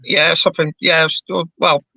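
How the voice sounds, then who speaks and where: A man's voice: fairly high pitch, little pitch movement, unhurried, gravelly, pushed and bright, no room sound, muffled recording. A man with a mixed London and Bedfordshire accent, chatting casually as a football fan panelist and often repeating words as he starts a thought. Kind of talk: casual chat.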